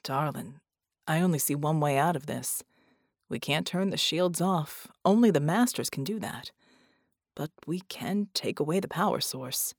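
A woman voicing a determined hero man who talks in low, clipped phrases and calls his wife darlin'. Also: a little slow, no echo, studio quality. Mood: grim.

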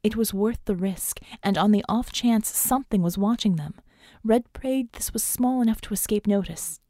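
A woman's voice: medium pitch, normal speed, mellow, dry recording, clean studio sound. A woman narrating an audiobook in a tense, dramatic reading. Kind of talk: scripted narration.

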